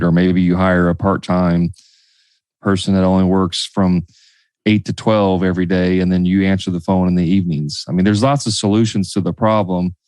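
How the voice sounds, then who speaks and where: A man's voice: low voice, a little mellow, dry recording. A man hosting a business podcast, chatting casually, telling anecdotes and joking dryly. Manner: dry, joking, tells stories. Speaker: podcast host.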